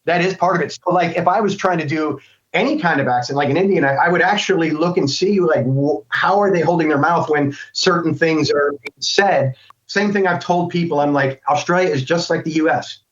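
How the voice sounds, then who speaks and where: A man's voice: fairly high pitch, a little fast. Middle-aged American male guest, raised voice, chatty and meandering, muffled recording. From United States. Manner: rambling, thinks aloud with many restarts. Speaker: guest voice actor. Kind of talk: casual interview chat. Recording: dull lo-fi sound.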